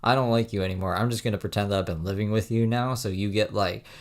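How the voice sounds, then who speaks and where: A man's voice: lowish voice, fairly even intonation, fast talker. A man giving profane, sarcastic commentary on a clip he is reacting to. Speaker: commentary streamer. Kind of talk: mocking commentary.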